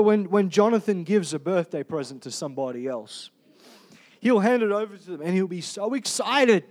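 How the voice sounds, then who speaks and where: A man's voice: sits high, a little mellow. A young adult man preaching a sermon to a congregation, telling a personal story and calling out "Amen?" as he goes. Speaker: pastor. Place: church hall.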